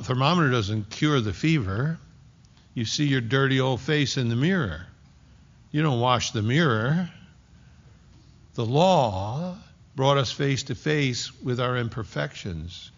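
A man preaching a sermon, slow and emphatic, with dramatic pauses. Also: medium pitch, vocal fry. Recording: dull lo-fi recording.

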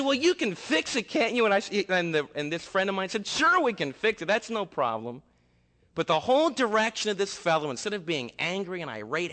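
A man preaching in a church, his slightly higher voice carrying through a long hall reverb. He tells stories in a lively, conversational way, shifting between quiet asides and raised emphasis. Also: fairly quick. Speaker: pastor. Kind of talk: sermon.

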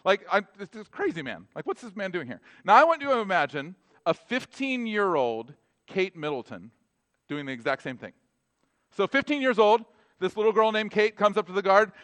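A man, a pastor with children, preaching a sermon in a conversational, animated way and acting out short dialogues. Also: a little high, normal speed, pauses often. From North America. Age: adult with children.

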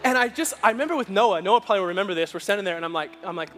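A male pastor preaching a sermon and telling a personal story. He moves between loud, animated passages and hushed, emotional ones. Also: sits high, rapid-fire. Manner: animated, swings from shouting to hushed. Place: church sanctuary. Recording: church hall with long reverb, faint music.

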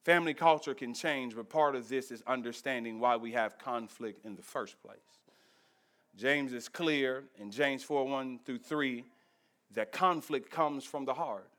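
A man pastor preaching a sermon to his church, emphatic and humorous, swinging from quiet reflection to loud exhortation while speaking straight to the congregation. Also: mid-range voice, a little slow, smooth. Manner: addresses the congregation directly, storytelling with humor. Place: church service.

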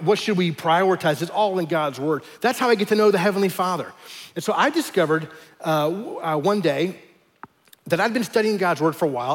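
A man with a fairly high voice preaches a sermon in a relaxed, conversational way. He slows down and leans hard on the words he wants to stress. His voice carries a long reverb, as if in a large hall. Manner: conversational teaching with emphatic slowed stresses. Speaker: pastor.

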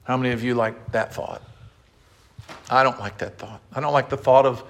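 A male pastor with an ordinary-pitched voice delivers a sermon, reading scripture slowly and leading call-and-response with the congregation. His intonation stays fairly even, yet emotion runs through the whole delivery.

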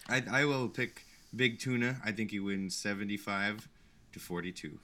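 A man's voice: fairly low pitch, moderate pace, pushed and bright, a little hiss or hum. A man appearing as a guest on a casual comedy podcast, offering wry criticism and football picks. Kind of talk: casual comedic sports chat.

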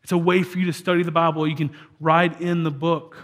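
A man's voice: on the high side, level tone, fairly quick. A man preaching a sermon as a church pastor, talking in a conversational way with frequent restarts.

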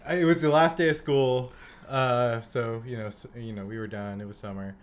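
A man's voice: medium pitch, fairly even intonation, normal speed, slight background noise. A young man co-hosting a podcast, telling rambling stories in casual chat with lots of fillers. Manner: rambling storyteller, frequent fillers and laughter. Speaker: podcast co-host.

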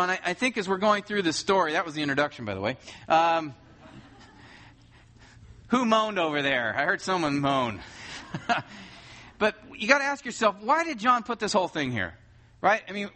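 A pastor delivers a sermon in a relaxed, conversational way, tossing rhetorical questions at his congregation. His voice is bright and forceful, sitting a little high for a man.

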